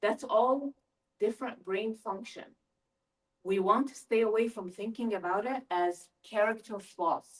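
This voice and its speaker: A middle-aged woman presents a live workshop for parents in a lively, engaging way, often turning questions to her listeners. Her voice sits at an ordinary middle pitch. It is picked up from some distance from the microphone. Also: a little slow. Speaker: school family-engagement presenter. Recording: voice from a distance from the mic.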